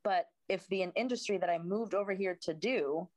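Animated, swearing woman actor chatting. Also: lowish voice, a little fast, no echo. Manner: animated, swears freely, mimics voices. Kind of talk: casual chat.

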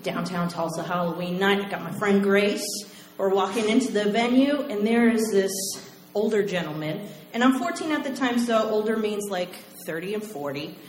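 A woman from Oklahoma telling a personal story to a live audience, animated and acting out voices. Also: mid-range voice, normal speed. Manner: animated, acts out voices and laughs. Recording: roomy live venue, faint noise.

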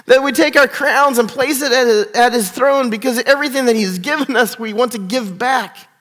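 High-voiced preacher man, hushed to proclaiming. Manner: swings from hushed, drawn-out phrases to loud, fast, rising proclamation. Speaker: pastor. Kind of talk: sermon.

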